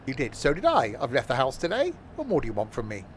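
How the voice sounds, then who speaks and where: A man's voice: mid-range voice, huge pitch swings, quick pace, a little hiss or hum. A man streaming a train simulator, talking through it in wry, grumbling running commentary. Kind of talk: live gameplay commentary.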